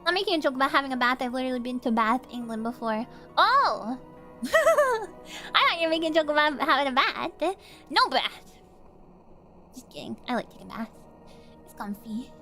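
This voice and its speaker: A woman's voice: sits high, animated, fairly quick, sharp tone. A woman streaming a video game who chats with her viewers, giggles often and reads game dialogue aloud. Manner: giggly, chatty, thanking viewers. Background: faint game music.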